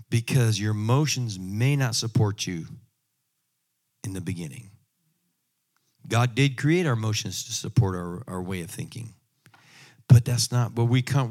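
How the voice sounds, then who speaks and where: A man preaching with a lively, rising and falling pitch at a middling register. He presses his points emphatically, then drops into quiet asides and humorous stories from his own life. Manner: emphatic, swings from loud exhortation to quiet asides, tells humorous personal stories. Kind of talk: sermon.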